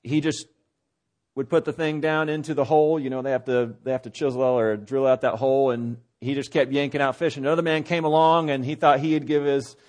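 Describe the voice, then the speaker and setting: A man's voice: medium pitch, steady tone, fairly quick, darkish tone. A man preaching a sermon, opening with a folksy story full of fillers and restarts, then building to emphatic preaching. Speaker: pastor.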